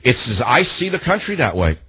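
An older man hosting a call-in radio talk show, combative and ranting, now and then rising to shouts. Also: medium pitch, big pitch swings, fairly quick, husky, no room sound, low-quality recording.

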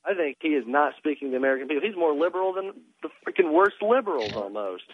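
A man's voice: on the high side, lively intonation, fast talker, no echo. A man calling in to a radio show, indignant and agreeing with the host. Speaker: radio caller. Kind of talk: phone-in call. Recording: tinny phone line.

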